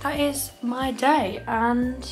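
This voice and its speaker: A woman's voice: sits high, fairly even intonation, takes it slowly. A young woman with an English accent, chatting in a bubbly, rambling way as she vlogs a holiday. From England. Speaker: vlogger. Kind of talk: casual vlog chat.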